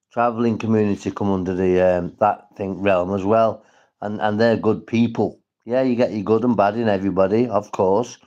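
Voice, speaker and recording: A man's voice: on the low side, a little mellow. A man from St Helens with a northwest English accent, rambling and swearing as he chats to viewers on a casual livestream. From St Helens, England.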